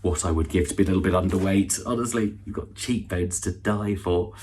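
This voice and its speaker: A man's voice: deep voice, a little fast, darkish tone, a little hiss or hum. A middle-aged man hosting an online awards ceremony with a dry, self-deprecating stand-up monologue, full of false starts and asides. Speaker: awards host and comedian.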